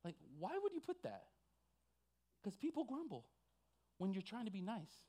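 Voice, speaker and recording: A man's voice: high voice, huge pitch swings, moderate pace. Impassioned male pastor preaching a sermon. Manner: impassioned, swings from quiet asides to loud exhortation.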